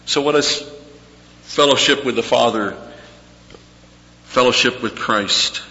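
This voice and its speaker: A man preaching a verse-by-verse sermon, repeating key words slowly for emphasis. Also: medium pitch, sharp tone. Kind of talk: expository sermon on scripture. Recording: dull echoey hall with faint hum.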